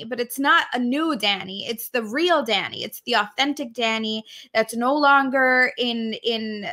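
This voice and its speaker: A woman co-hosts a casual podcast conversation, speaking with an effusive, heartfelt warmth and frequent laughter. Her voice sits a little high and sounds bright and sharp. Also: moderate pace, few pauses. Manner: warm, gushing, laughs often. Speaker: podcast co-host.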